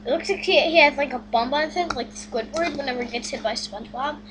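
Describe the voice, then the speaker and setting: A young woman hosting a game video, chatting through her play in a bubbly, giddy way and squealing when excited. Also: high-pitched, fast. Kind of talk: excited gameplay commentary. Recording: steady noise behind the voice.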